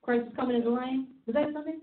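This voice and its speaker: A woman hosting a faith talk show, preaching in an animated, fired-up way and laughing often. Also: high-pitched, fast talker. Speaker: host and preacher. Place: office studio. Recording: tinny phone-like sound in an echoey room.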